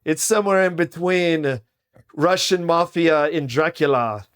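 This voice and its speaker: A man's voice: on the high side, measured pace, clear, resonant tone, close to an everyday voice. A man putting on a pompous older male movie star with a vague, made-up foreign accent, mocking and self-important.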